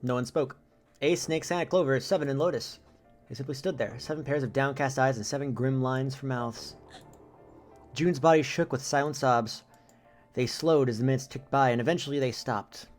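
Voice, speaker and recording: Guy streamer reading game text out loud, cracks little jokes, faint music under. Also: mid-range voice, moderate pace. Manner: reading narration with casual joking asides. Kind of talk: reading a visual novel aloud on stream.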